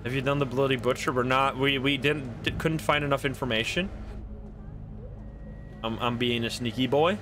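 A man's voice: medium pitch, steady tone, moderate pace, long pauses, fairly bright tone, a little hiss or hum. A man streaming himself playing a video game, narrating his moves with swearing, laughs and sudden outbursts. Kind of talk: casual gameplay commentary.

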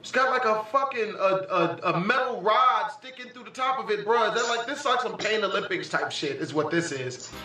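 A young man giving casual, profane, excitable reaction commentary on a vlog, often breaking into laughter. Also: high-pitched, fairly quick, few pauses. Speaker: vlogger. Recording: echoey room, far from the mic, faint music.

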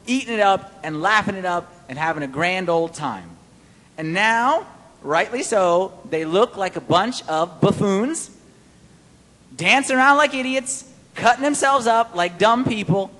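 A man preaching a sermon-style Bible study, animated and playful, quizzing his listeners. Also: high voice, big-room sound.

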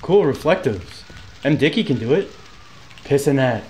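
A young man streaming a game live, reacting excitably, swearing and laughing at what happens on screen. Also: medium pitch, normal speed, slight background noise. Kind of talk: live gameplay commentary.

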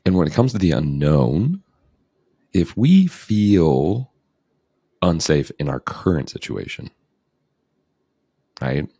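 A man with an extremely low voice that is dark and husky, hosting a casual podcast. He sounds playful and upbeat, with a light streak of self-teasing. The sound is dry and close to the mic. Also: lively intonation, unhurried, pauses often, no room sound. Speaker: podcast host.

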